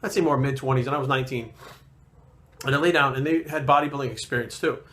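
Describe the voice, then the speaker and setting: A man's voice: mid-range voice, quick pace, fairly bright tone. A man in his thirties, a fitness trainer ranting to camera in a profane, aggressive, emphatic way. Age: 30s. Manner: aggressive, swearing constantly, emphatic.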